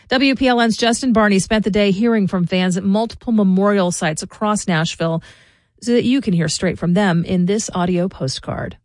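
A woman reads the morning local news on radio. Her delivery is measured and clear, at a middle pitch. The studio sound is dry and close. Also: dry recording. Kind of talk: radio newscast. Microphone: studio mic.

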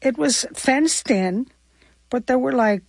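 A woman's voice: high-pitched, expressive, slow pace, creaky, breathy edge, no echo. An older woman from Cuba, a guest in an interview, recalling her past in a heartfelt, vivid and reflective way. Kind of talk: personal storytelling interview.

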